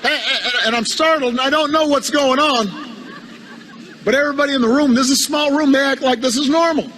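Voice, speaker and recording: A politician delivers a humorous anecdote in a high, bright voice. He speaks haltingly and doubles up words as he goes. His tone stays wry throughout. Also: a faint crowd, slight background noise, low-quality recording. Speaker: politician giving a speech.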